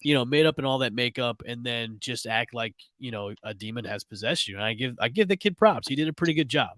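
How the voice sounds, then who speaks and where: A man's voice: medium pitch, animated, fast, a bit bright, no room sound. A man co-hosting a podcast, chatting casually about a film and giving emphatic opinions with frequent restarts. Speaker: podcast co-host, film reviewer. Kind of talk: casual chat.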